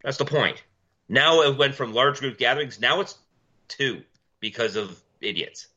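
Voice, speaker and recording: In dull, lo-fi audio, a male podcast co-host with an expressive, slightly slow voice tells stories in blunt, profane casual chat. He mimics people he argued with, using loud, high voices.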